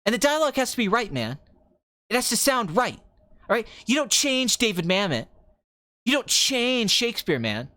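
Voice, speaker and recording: Here is a brash, self-loving film director played by a man as a comedic impression, ranting at speed and peppering every line with curses. The voice leaps around in pitch, swinging between hushed musing and wild excitement. The sound is dry and close. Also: dry recording, heavily acted. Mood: preachy. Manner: fast ranting, jumps from calm to excited, swears.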